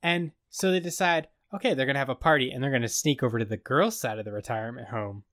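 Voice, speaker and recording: A man's voice: mid-range voice, fast talker, fairly bright tone, no room sound, studio quality. A man co-hosting a podcast, rambling through a casual comedic recap and acting out scenes. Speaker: podcast co-host.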